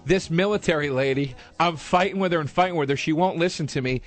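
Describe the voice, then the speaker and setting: A man's voice: on the high side, quick pace. A man co-hosting a comedy talk show, telling profane stories and laughing often. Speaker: comedian co-host. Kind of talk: casual comedy chat.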